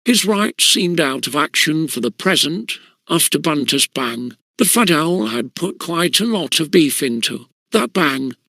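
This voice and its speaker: A man narrating an audiobook of a classic school story in a lively storytelling manner. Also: on the high side, a little slow, vocal fry, no room sound.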